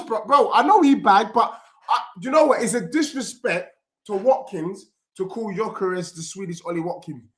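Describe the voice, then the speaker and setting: A young man streaming a live football watchalong, reacting loudly and reading chat messages aloud. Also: high voice. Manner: excitable, loud, reads chat messages aloud.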